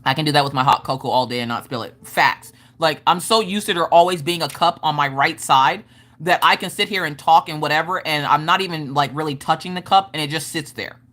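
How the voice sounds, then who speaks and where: A woman hosting a casual livestream, telling animated stories from home, swearing casually and laughing often. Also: deep voice, brisk. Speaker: livestream host. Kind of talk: casual chat storytelling.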